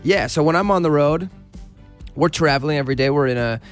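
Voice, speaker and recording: A man talking as a touring musician guest on a radio interview, relaxed and rambling, with many fillers and restarts. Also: fairly high pitch, a little fast, soft background music.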